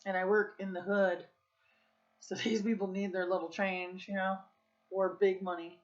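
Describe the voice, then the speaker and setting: A frank, talkative woman in her thirties tells a story straight to camera, with "dude" and "like" in nearly every sentence. Her voice sits at a middle pitch. The recording sounds a little dull and lo-fi. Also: level tone, moderate pace. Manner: chatty, frank, peppered with "dude" and "like". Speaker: vlogger. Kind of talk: casual storytelling vlog.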